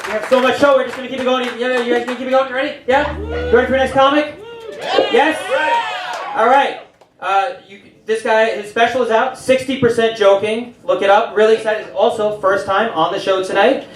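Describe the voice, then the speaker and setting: An upbeat man hosting a comedy show, pumping up the room and bringing on the next act. His voice sits very high. He is heard from a distance in an echoey club, with crowd noise behind him. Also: fairly even intonation, brisk. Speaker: show host. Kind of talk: hyping up the crowd, introducing comics.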